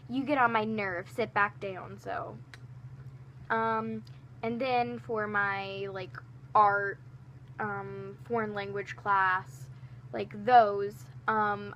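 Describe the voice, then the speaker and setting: A woman's voice: medium pitch, a little hiss or hum. Chatty teenage girl telling school stories. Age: teens. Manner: rambling and animated, with many fillers and restarts. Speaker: storytime vlogger. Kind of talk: casual storytime chat.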